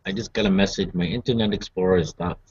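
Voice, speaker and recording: A man's voice: sits low, fairly even intonation, fast, a little mellow, breathy edge. A man chatting casually and asking questions on a video call. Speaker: participant in an online chat. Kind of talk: casual group chat. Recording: muffled video call audio.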